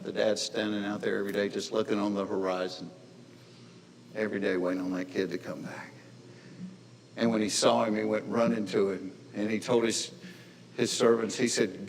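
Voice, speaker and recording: A man's voice: fairly low pitch, moderate pace, in a large hall, slight background noise, rough recording. Folksy man telling a stage story. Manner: folksy, conversational, earnest. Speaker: stand-up comedian. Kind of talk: stand-up storytelling to a live audience.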